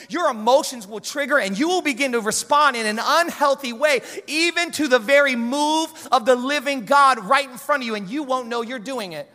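A man preaching as a guest pastor, joking and animated. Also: extremely high pitch, long reverb tail. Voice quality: animated, joking, loud storytelling. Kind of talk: sermon.

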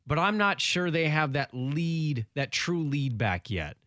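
A man co-hosting sports radio, loud and confident as he breaks down the college football season. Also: fairly high pitch, lively intonation, measured pace, no echo, studio quality. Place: radio studio. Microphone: studio mic.

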